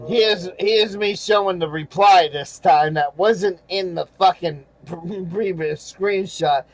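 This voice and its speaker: A man's voice: high voice, takes it slowly, low-quality recording. An older man reading viewer comments aloud and ranting angrily, sarcastic and swearing, with bitter chuckles. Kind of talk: casual rant over screenshots.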